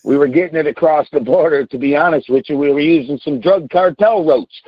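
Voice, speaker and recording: A man's voice: fairly high pitch, brisk, no echo. Profane sixty-year-old man on a dull line. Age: 60s. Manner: blunt, profane and ranting. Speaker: trucker calling in. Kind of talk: casual call-in rant.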